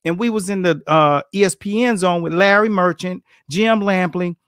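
A man's voice: sits high, normal speed, a bit bright, clear, resonant tone, no echo, clean studio sound. A middle-aged man, a boxing coach, tells stories in a casual interview, acting out quotes and laughing often.

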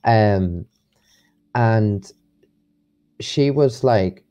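A man's voice: on the low side, very slow, warm tone, clear, resonant tone. A young man, rambling with many restarts as an interview guest. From England. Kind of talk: casual interview.

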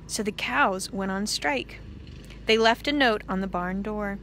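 A woman priest reading a picture book aloud to children, animated and expressive, with playful sound effects. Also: medium pitch, measured pace, slight background noise.

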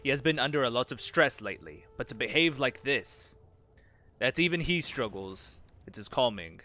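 A man casually commenting on a strategy game and reading its event texts aloud, muttering quick reactions as he plays. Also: medium pitch, expressive, sharp tone. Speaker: gaming channel host.

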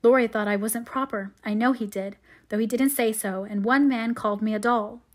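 A woman's voice: a little high, fairly even intonation, moderate pace, close to an everyday voice. A woman reading aloud as a remorseful teenage girl confessing to her mother. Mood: earnest. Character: young woman, sixteen-ish, sweet and remorseful.

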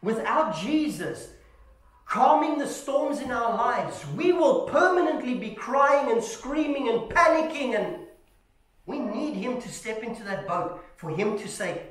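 A man preaching a sermon in a church, telling stories with animated shouts, calling the congregation "family" and asking "Amen?". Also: very high-pitched, unhurried. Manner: animated storytelling, acting out shouts. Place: church hall. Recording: echoey church hall.

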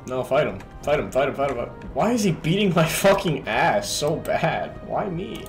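A man's voice: medium pitch, very animated, moderate pace. A man giving casual gameplay commentary, swearing in frustration and trash talking the game as he plays. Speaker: gamer playing a video game. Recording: game music under the voice. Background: game music and keyboard typing.

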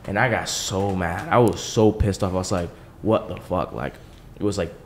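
A young man telling stories on a podcast as the guest, casual, fast-moving and full of swearing. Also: low-pitched, a little hiss or hum. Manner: fast, profane, animated storytelling. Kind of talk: casual storytelling.

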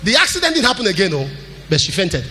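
A man preaching a sermon as a pastor, animated, with sudden shouts and a sing-song cadence. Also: high voice, fast talker, slight background noise.

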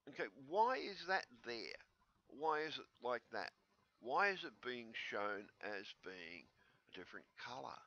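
Excitable gravelly man, lo-fi vlog. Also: unhurried. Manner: excitable, repeats questions, pitch jumps up sharply. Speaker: conspiracy vlogger. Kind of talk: rambling solo vlog.

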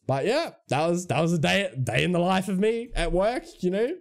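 A young man streamer telling a story in a casual, animated way, swearing and tossing in "right?" and "man". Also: sits high, normal speed, gravelly, slight background noise.

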